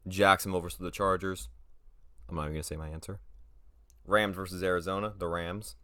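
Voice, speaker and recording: A young man with a lowish voice talks offhand and loose, drifting off mid-sentence and doubling back to fix himself. The sound is dry and close, with no room around it. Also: steady tone, a little fast, pushed and bright, dry recording. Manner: offhand and rambling, trails off and corrects himself mid-thought. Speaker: sports video host. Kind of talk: casual solo prediction video.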